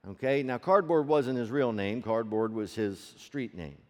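A male preacher tells a story from the pulpit, his mid-range voice trailing a long reverb through a large hall. He moves between hushed low passages and loud, climbing peaks. He pulls the congregation in with rhetorical questions. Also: unhurried. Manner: asks the audience rhetorical questions. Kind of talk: sermon storytelling.

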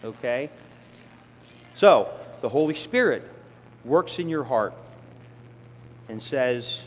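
A man's voice: mid-range voice, lively intonation, slow pace, pauses often, slight background noise. A middle-aged man preaching a conversational sermon who acts out the voices of sinners and children. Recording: long hall reverb, faint ambience.

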